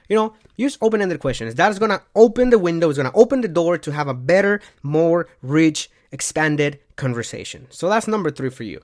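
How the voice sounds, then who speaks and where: Young male vlogger, slightly high voice, animated and repetitive casual advice delivery. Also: fairly quick. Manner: animated, repeats himself, shifts pitch and volume often. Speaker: self-help vlogger.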